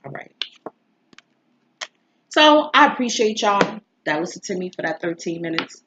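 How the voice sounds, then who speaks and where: A woman's voice: mid-range voice, big pitch swings, unhurried, muffled recording, noisy background. Emotional woman with a stuffy nose. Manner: emotional, rambling, rhetorical asides. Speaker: astrology and tarot reader. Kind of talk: casual confessional vlog chat. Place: home.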